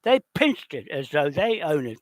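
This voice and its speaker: A man in an unscripted rant, heated and accusatory, swearing and often shouting. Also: on the high side, very animated, normal speed, no room sound. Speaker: video host.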